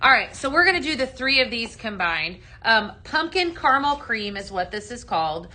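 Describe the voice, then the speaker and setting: A bright, crisp-toned woman talking in a casual live-stream chat, a little higher than most. She runs a home fragrance sale, greets viewers by name, and leans on fillers like "um" as she goes. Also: very animated, moderate pace.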